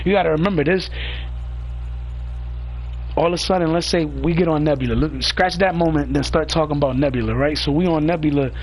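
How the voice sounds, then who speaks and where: A man's voice: medium pitch, slight background noise, rough recording. A man telling a heated, profane story about an online crew feud, acting out what others said. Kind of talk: casual storytelling rant.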